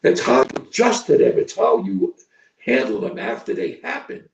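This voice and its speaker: Older coach guy, blunt and cussing, keeps saying okay right, kinda high voice, dull lo-fi stream sound. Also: huge pitch swings, moderate pace, creaky. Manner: blunt, profane, repetitive with frequent "okay?" and "right?". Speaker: football coach guest. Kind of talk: podcast interview talk. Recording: echoey distant lo-fi stream audio.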